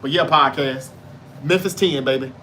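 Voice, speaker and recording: Chatty Mississippi-accented man, bright voice. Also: mid-range voice, normal speed, slight background noise. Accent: Southern US, Mississippi. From North Mississippi, US. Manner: loose, chatty, reads comments aloud and answers. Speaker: podcast host reading live chat. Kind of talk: casual live-stream sports chat. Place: home in Memphis, Tennessee.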